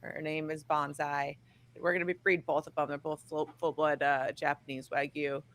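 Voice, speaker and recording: A woman's voice: deep voice, flat delivery, moderate pace, slight background noise. A woman in her thirties chatting as an interview guest, rambling and leaning on fillers like "like". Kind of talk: casual interview chat.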